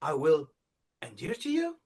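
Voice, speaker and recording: A man with an Italian accent voicing Yellow, a cheeky, impertinent male color, in a storybook tale. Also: a little high, wildly swooping pitch, a little slow, exaggerated voice. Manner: teasing.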